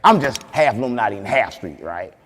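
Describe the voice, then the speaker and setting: A man hosting a podcast, boasting in animated banter and repeating catchphrases, loud one moment and soft the next. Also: lowish voice, quick pace, big-room sound, slight background noise. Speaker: podcast host.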